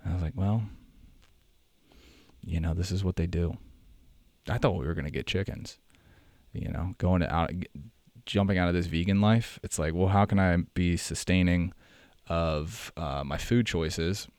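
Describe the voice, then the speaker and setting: Young American male podcast host, very low voice, dry close sound, loose rambling delivery. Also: normal speed, a little mellow, dry recording. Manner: rambling, self-correcting, chatty. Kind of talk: casual monologue.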